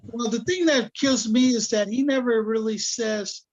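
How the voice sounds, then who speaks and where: A man's voice: extremely high pitch, measured pace. A man in a casual chat show giving blunt, opinionated relationship advice. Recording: dull lo-fi sound.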